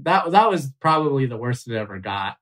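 Animated storytelling man, laughing easily. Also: mid-range voice, brisk. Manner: animated, self-mocking, laughs often, loose with fillers. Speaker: comedian guest. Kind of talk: storytelling in a podcast interview.

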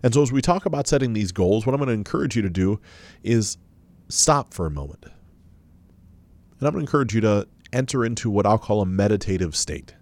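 A man's voice: fairly low pitch, expressive, brisk, a little mellow, no echo. A man giving a self-help talk and leading listeners through a guided visualization, coaching them with many questions.

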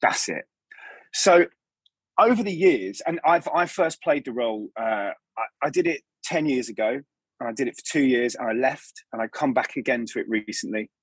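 A man's voice: mid-range voice, expressive, normal speed, breathy edge, no room sound. A man, a stage actor guesting on a podcast, telling casual anecdotes about his career with lots of restarts and asides. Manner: rambling, self-interrupting anecdotes with many restarts. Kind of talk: casual interview storytelling.

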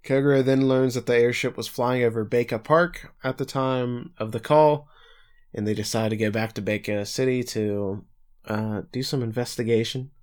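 A man's voice: medium pitch, steady tone, normal speed, a little mellow. A man co-hosting a podcast, casually recapping an episode in a rambling, self-correcting way with dry jokes.

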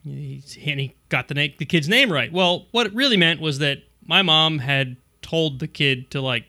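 Chuckling frequently, this middle-aged tech podcast co-host rambles on and keeps breaking off to restart what he's saying in a casual conversation. He talks at a moderate pace, his voice a little high, pushed and bright.

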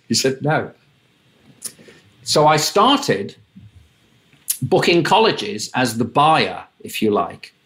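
An older man spins wry, lively tales from his years in the music business. He slips into other people's voices as he quotes them, with the easy pacing of an interview guest. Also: mid-range voice, slow pace, pauses often. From England. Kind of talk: anecdotal interview storytelling.

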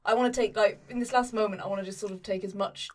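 A woman's voice: mid-range voice, steady tone, fast, far from the mic. A woman playing a tabletop role-playing game, chatty and hedging. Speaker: player. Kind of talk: casual tabletop play. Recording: voice from off the mic.

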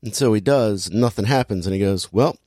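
A man in casual chat, retelling a film scene by scene with a dry, sarcastic edge. He drops into quick voices for the characters' lines, and the sound is close and dry with no room around it. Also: lowish voice, mellow, no echo. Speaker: podcast host recapping a movie.

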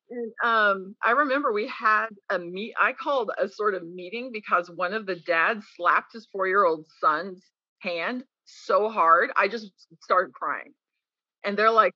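A medium-pitched woman speaks at a measured pace in a dry, muffled recording. She is a podcast interview guest who recounts candid stories animatedly, taking on the voices of quoted people.

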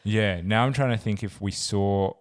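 A man's voice: lowish voice, normal speed. A man co-hosting a podcast in casual chat, teasing with dry humor and swearing casually. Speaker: podcast co-host.

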